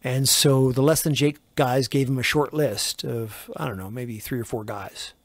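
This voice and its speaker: A man of middle pitch recounts his studio days in a loose, rambling way, acting out the dialogue along the way. The sound is close and dry, with no room around it. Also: moderate pace, no room sound. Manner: rambling, animated anecdotes with acted-out quotes. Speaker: record producer and engineer guest. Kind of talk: casual interview storytelling.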